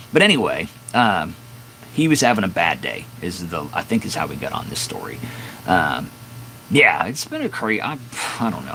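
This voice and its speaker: A man in his fifties sits in his garage at dusk, door open, casually live-streaming a long, honest story in a low, slightly bright voice. He rambles with fillers and restarts; the recording is low quality with slight background noise.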